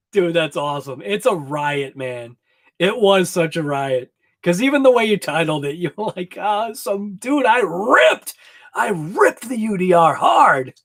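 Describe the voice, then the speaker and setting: A man hosting a live hobby show, chatting casually with viewers in a rambling, excited way and laughing often. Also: high voice. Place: home garage workshop.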